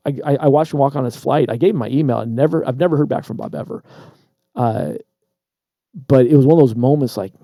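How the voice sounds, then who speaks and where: A man co-hosting a podcast, casually telling a personal story with lively asides and repeated words. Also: mid-range voice, gravelly, no echo, studio quality. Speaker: podcast co-host. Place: Traverse City, Michigan.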